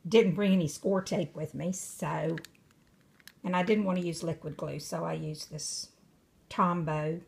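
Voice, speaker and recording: An older woman with a slightly low-pitched voice talks through her craft project in a relaxed, informal way. She speaks unhurriedly and pauses often with little fillers as she explains. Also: vocal fry. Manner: chatty and unhurried, with frequent fillers. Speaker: craft vlogger. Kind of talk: casual craft show-and-tell. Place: away from her home craft room.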